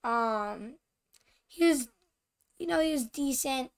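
A woman hosting a casual card-opening video, halting with many fillers and often apologizing for mispronouncing names. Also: sits high, expressive. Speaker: channel host showing baseball cards.

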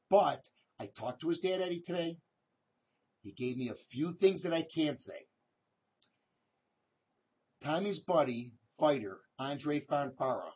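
A man hosting his own video, pitching upcoming fights in a brash, emphatic way and keeping up a string of "okay?" checks. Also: a little mellow, slightly rough. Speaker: boxing promoter and video host. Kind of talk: hype promo talk to camera.

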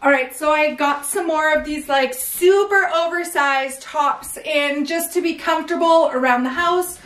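A woman's voice: sits high, measured pace, a bit bright. A woman doing a casual clothing try-on haul, chatty and bubbly, full of slang and filler words. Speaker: clothing store owner showing new stock. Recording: echoey room, some distance from mic.

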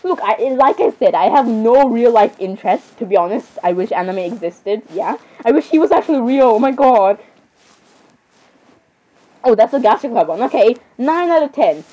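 A teenage girl chatters through casual reaction commentary, apologizing again and again between giggles. Her voice sits fairly high but sounds mellow and soft rather than bright. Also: expressive, moderate pace, poor audio. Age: teens.

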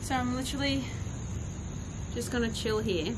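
A woman chatting casually outdoors in a backyard, vlogging while training her dog and calling to it in a high sing-song voice. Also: normal speed, noisy background. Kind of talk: casual vlog chat.

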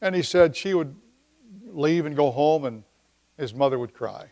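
A man preaching a midweek church sermon, talking in a conversational way with pauses and slowing down to read scripture. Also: fairly high pitch, expressive, darkish tone. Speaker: pastor. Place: church service.

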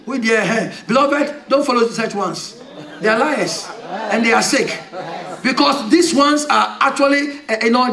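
A man preaching a fiery sermon as pastor, shouting and calling for responses from the congregation. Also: very high voice, distant mic. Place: church. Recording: echoey church hall, mic from afar, congregation.

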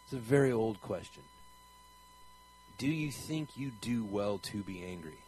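A man's voice: medium pitch, expressive, measured pace, a little mellow, soft background music, rough recording. A man speaking in a conversational preaching style, earnest and rambling, asking his listeners pointed questions. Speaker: traveling Christian preacher.

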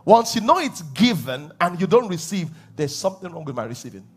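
Male pastor, husky and animated, swings his pitch a lot while preaching. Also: brisk. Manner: animated preaching with laughs and acted-out asides. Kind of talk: sermon. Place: church hall.

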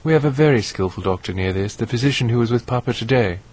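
A man reading aloud voices a gentle young woman who anxiously asks about her friend. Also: mid-range voice, quick pace, lightly acted. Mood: earnest. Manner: anxious, tender questioning. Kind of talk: audiobook reading.

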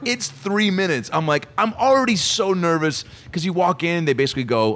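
Animated man telling comedy stories. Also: high voice, fairly quick, hardly any pauses. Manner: animated, swears casually, acts out quotes. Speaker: comedian guest. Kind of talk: casual storytelling chat.

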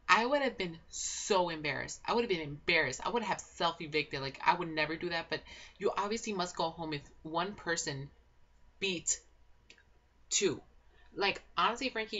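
A young woman giving a casual, gossipy reality show recap, excitable and swearing a lot, with constant filler words. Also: lowish voice. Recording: dull lo-fi home recording.

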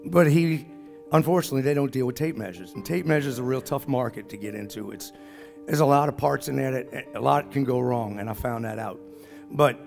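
This gravelly, mid-range voice with a darkish tone belongs to a middle-aged man from the New Orleans area, Louisiana, who has a New Orleans accent. Speaking at a business summit, he spins a folksy tale and plays out the quoted lines himself.

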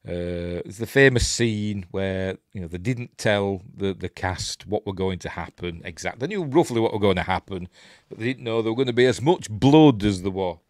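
A man with a Yorkshire accent talks over a film in a rambling, chatty way, slipping in chuckles and asides. His voice sits fairly low but swings up and down a lot. The sound is dry and close, with no room echo. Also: expressive, moderate pace. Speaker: host of a film watch-along channel. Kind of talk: casual running commentary while watching a film.

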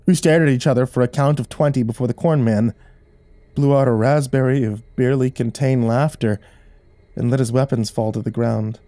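Dark-voiced man narrating horror. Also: medium pitch, steady tone, no echo. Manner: measured, dramatic storytelling. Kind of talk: dramatic first-person horror narration.

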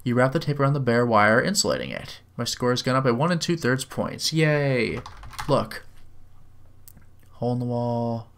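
A man reading out a text adventure game and typing commands, with dry, wry asides and slowly drawled commands. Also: mid-range voice, animated, fairly bright tone, slight background noise. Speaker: game video host. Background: faint keyboard typing.

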